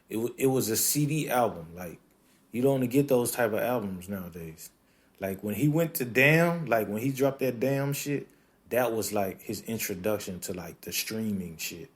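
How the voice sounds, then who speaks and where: A man, hosting a podcast in a casual rant. He swears constantly and keeps jumping into high, incredulous outbursts. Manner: profane, animated, breaks into high-pitched incredulous outbursts. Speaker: podcast host.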